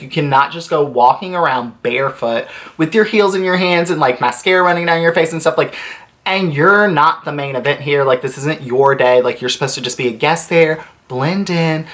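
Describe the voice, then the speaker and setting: Very deep-voiced chatty woman vlogger. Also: a bit bright. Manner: chatty, rambling, heavy filler words and casual swearing. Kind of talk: casual storytime.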